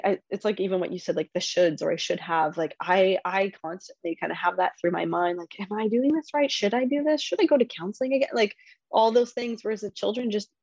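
A woman's voice: lowish voice, gravelly, darkish tone, dry recording, dull audio. A woman in her thirties speaking candidly as a guest, reflective and full of fillers and restarts. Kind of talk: candid conversational interview.

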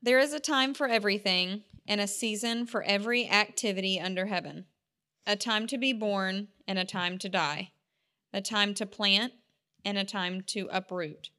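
Woman, scripture reader, measured pace, bright tone. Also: mid-range voice. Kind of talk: reading scripture aloud.

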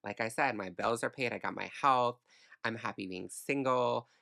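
A blunt woman in her late twenties vents in a podcast rant, swearing freely. Her voice carries a gravelly fry. The sound is close and dry, with no room around it. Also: a bass voice, moderate pace, a bit bright, dry recording. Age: 20s. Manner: blunt and profane, venting. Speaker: podcast host.

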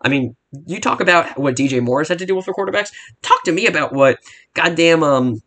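Young male podcast host, quick and profane, heated rambling football rant. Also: on the high side, expressive, fairly bright tone.

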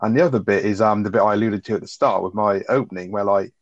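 Fast-talking guy, lo-fi sound. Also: lowish voice, fairly even intonation, no echo. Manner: fast, rambling, full of fillers and swearing. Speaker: podcast co-host. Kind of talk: casual chat reviewing a sitcom episode.

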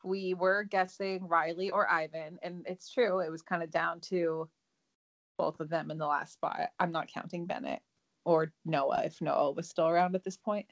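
Lower-voiced young woman podcast co-host. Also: fairly even intonation, moderate pace, gravelly, no echo, dull audio. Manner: candid, swears casually. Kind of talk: casual recap chat.

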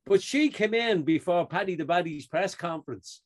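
Lively man telling sports stories. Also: high voice, moderate pace. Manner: animated storyteller, laughs often, acts out quotes. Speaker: podcast co-host. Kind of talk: casual banter among friends.

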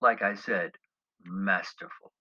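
A man's voice: deep voice, fairly even intonation, slow pace, bright, forceful tone. A middle-aged man telling a funny travel story about himself, wry and self-mocking, with chuckling asides. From United States. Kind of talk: humorous personal travel storytelling. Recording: dull lo-fi recording.

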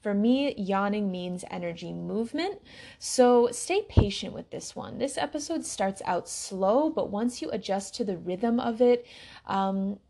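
A woman hosting her own wellness podcast, talking to listeners in a slow, relaxed way with frequent ums. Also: mid-range voice, gravelly. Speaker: podcast host and intuitive health coach. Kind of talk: casual podcast monologue.

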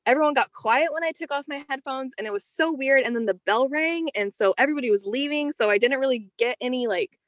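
A woman's voice: sits high, fast, hardly any pauses, no echo. Chatty young woman telling a story. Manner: animated, chatty storytelling full of "like". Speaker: guest. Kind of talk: personal storytelling in a casual interview.

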